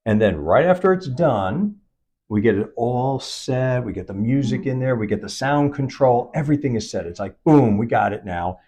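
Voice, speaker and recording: Animated man telling a story. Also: mid-range voice, moderate pace. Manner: animated storytelling, acts out quoted dialogue. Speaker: film producer. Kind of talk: on-set interview. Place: event set.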